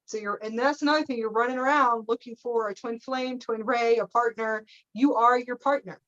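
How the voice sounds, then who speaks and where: A woman's voice: fairly high pitch, fairly even intonation, moderate pace, fairly bright tone, lo-fi sound. A woman leading a live spiritual teaching session, meandering through her points, often checking in with "okay?" and breaking into playful laughter.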